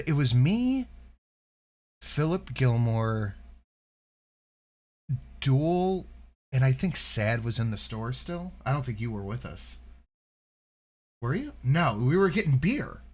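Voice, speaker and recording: A man co-hosting a casual reaction podcast, his pitch swinging up and down as he tells stories. He talks loosely and swears a lot, and he acts out the people in his stories with their own voices. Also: measured pace, long pauses. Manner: animated, profane, acts out quoted voices. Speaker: podcast co-host reacting to videos. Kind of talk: casual chat, storytelling.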